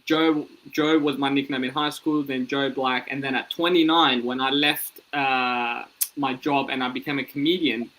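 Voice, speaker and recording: Animated male comedian telling stories. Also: mid-range voice, moderate pace, rough recording. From Ethiopian, born in Sudan, raised in Australia. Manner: animated, acts out voices in his anecdotes. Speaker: comedian guest. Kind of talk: casual storytelling interview.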